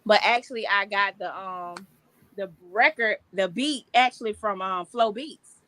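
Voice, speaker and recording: A woman's voice: medium pitch, measured pace, a bit bright. A young adult woman, a southern soul singer, chatting casually in an interview and restarting her phrases as she talks.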